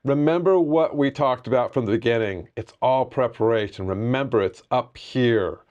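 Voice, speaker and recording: A man putting on a rough Scottish accent to voice an encouraging male cycling coach who gives earnest reminders. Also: medium pitch, normal speed, a little mellow, highs cut off, lightly acted. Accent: Scottish, put on badly.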